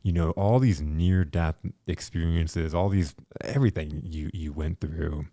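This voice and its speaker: A male podcast host with a low, mellow voice, recorded dry and close. He asks questions in a rambling, hesitant way and often repeats his words. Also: a little slow, no room sound. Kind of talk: casual interview.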